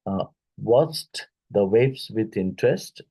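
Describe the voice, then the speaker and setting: A man with an Indian English accent teaching a phonetics lecture for exam prep. He talks haltingly, with many fillers, and repeats words slowly to model how they sound. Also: fairly low pitch, lively intonation, warm tone, rough recording.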